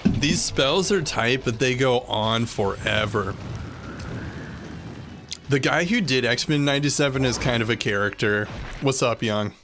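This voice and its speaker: A man's voice: mid-range voice, unhurried, music in the background. Rambling, laid-back male game streamer. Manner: rambling, loose, full of "like" and "uh". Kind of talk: casual live-stream chat while gaming.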